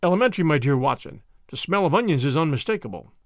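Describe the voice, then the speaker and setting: A man playing a flippant young adventurer, jaunty and bright. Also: fairly high pitch, very animated, fast, dry recording, studio quality. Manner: jaunty, joking, mock-grand. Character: cheeky young English adventurer, flippant and bold. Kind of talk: audiobook character voice.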